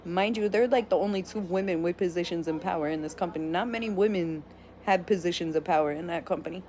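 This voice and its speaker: A woman vlogger telling a story in a casual, animated rant, blunt and sometimes profane. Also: fairly low pitch, fast talker, slight background noise.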